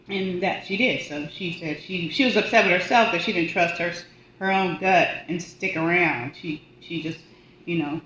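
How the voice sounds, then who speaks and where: A woman who works as a hospice volunteer and death doula, telling a personal story in a casual, animated way. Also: fairly low pitch. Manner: animated, acts out quoted voices. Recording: roomy, dull audio with faint noise.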